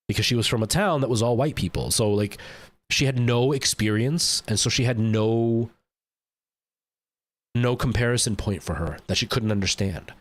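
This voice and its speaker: A young man from El Salvador with a Canadian English accent, Spanish as his first language, chatting loosely on a stream and filling his talk with "like.". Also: mid-range voice. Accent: Canadian English with some American. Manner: rambling, lots of "like", mimics others' voices. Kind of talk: casual stream chat.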